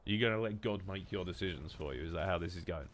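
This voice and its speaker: A young British man with a blocked, nasal nose chatters casually to his live-stream chat as he plays, rambling and swearing. He talks fast in a low voice over a headset mic, with a little hiss or hum.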